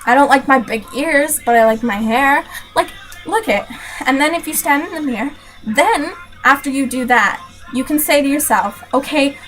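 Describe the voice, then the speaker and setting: A woman's voice: high-pitched, pushed and bright, rough recording. A young woman in her teens vlogging an earnest, emphatic motivational rant, repeating key points for emphasis.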